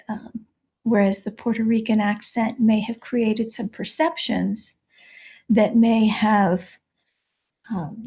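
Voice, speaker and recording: Slow, husky woman coach. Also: medium pitch, mellow. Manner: measured, affirming, gives frequent backchannels. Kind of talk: conversational interview.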